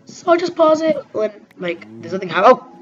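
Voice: medium pitch, big pitch swings, brisk. A gamer giving casual gameplay commentary, rambling with lots of fillers and breaking into startled exclamations. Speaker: let's play gamer. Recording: dull lo-fi recording with faint game music.

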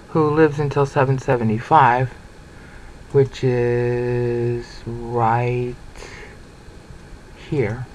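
A man's voice: medium pitch, a little hiss or hum, rough recording. A man giving an informal Bible history lecture, chatty and often checking in with "okay?". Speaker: Bible teacher. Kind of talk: informal lecture over slides.

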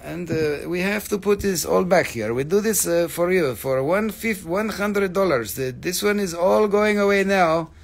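Gravelly joking rock seller man. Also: high-pitched, moderate pace, few pauses. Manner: joking, profane, animated. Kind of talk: live sales stream, casual chat.

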